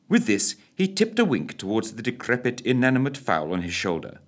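A man's voice: mid-range voice, huge pitch swings, brisk, hardly any pauses. A man, reading a radio story in a theatrical, droll narration.

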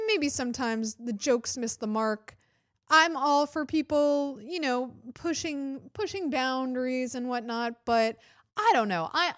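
A woman hosting a political comedy podcast, talking casually and swearing a lot, jumping up in pitch when she mimics others. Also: dry recording, clean studio sound. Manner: chatty, profane and animated, jumping up in pitch for mock quotes. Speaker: podcast host.

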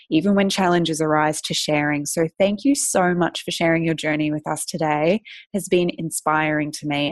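Gushing woman podcast host, low voice. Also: no room sound. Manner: gushing, lavish with praise. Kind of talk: effusive podcast interview.

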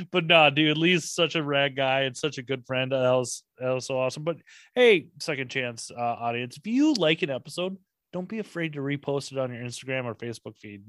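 A man's voice: medium pitch, a bit bright, no room sound, studio quality. A young man hosting a podcast, talking in a casual, rambling and enthusiastic way, swearing often. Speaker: podcast host. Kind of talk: casual chat.

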